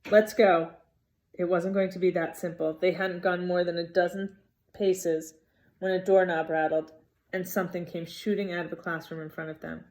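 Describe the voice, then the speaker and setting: A woman reading a novel aloud in an expressive, dramatic way. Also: fairly low pitch, moderate pace. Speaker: reader.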